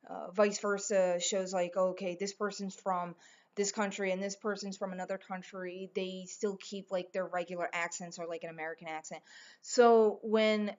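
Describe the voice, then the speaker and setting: A woman's voice: medium pitch, highs cut off. A woman chatting in a casual vlog, gushing and rambling with lots of fillers and restarts. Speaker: vlogger.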